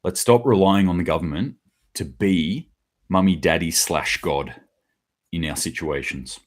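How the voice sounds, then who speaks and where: A man's voice: low-pitched, unhurried. A middle-aged man hosting a solo news commentary, blunt and sarcastic, acting out quotes in mock voices.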